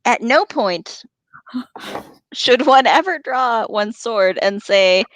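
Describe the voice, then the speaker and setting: A woman's voice: on the high side, expressive, slow pace, no room sound. Giggly woman reading and chatting. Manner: giggly, wry commentary. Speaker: podcast co-host. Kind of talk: casual chat and book reading.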